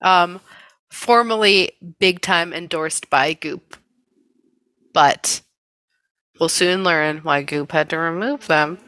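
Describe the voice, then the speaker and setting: Woman podcast co-host, casual and sarcastic, bright voice, dry close mic. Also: lowish voice, no room sound. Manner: sarcastic, laughing often, drawn-out emphasis. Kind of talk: casual chat.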